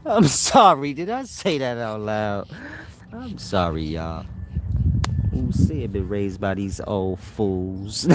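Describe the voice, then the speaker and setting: A low-voiced man talks casually on his own show, joking in loose slang and breaking into laughs. Steady noise and the sound of passing cars sit behind him. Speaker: host. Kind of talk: casual livestream talk.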